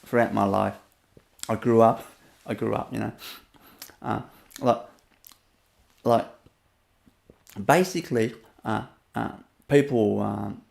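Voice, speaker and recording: A man's voice: mid-range voice, vocal fry. A man with a Vietnamese accent gives a rambling, storytelling webinar talk as a spiritual teacher, laughing often and leaning on fillers.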